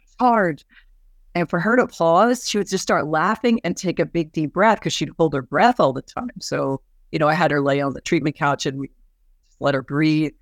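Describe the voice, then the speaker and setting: A woman's voice: low-pitched, moderate pace, no echo, clean studio sound. Woman physician recounting a patient case. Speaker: physician and therapist. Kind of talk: podcast conversation.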